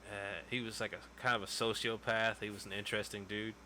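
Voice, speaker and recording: A man's voice: on the low side, little pitch movement, a little fast, crowd noise. A man in his twenties casually telling a long story on a podcast, loose and profane, acting out what people said. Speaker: podcast co-host.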